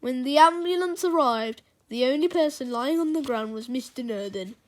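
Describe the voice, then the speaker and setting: A woman reading a children's storybook aloud, in a gentle read-aloud manner. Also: sits high, moderate pace.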